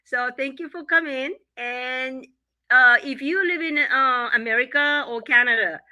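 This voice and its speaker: A middle-aged woman from Japan, co-hosting a live podcast from home. She sounds stuffy from a cold and talks haltingly, with many fillers and laughs. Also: high voice, bright, forceful tone, poor audio. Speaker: podcast co-host. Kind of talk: casual live podcast chat. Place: home in winter. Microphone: computer mic.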